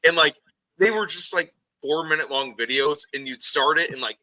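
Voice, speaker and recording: Very bright-voiced man telling crude stories. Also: fairly high pitch, normal speed, rough recording. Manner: crude, joking storytelling. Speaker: podcast co-host. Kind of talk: casual chat.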